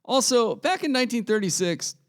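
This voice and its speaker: A man's voice: very high-pitched, expressive, a little fast. A man co-hosting a local news podcast, reading old newspaper items and chatting with dry, wry humor. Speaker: podcast co-host. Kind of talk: casual news chat and reading old stories.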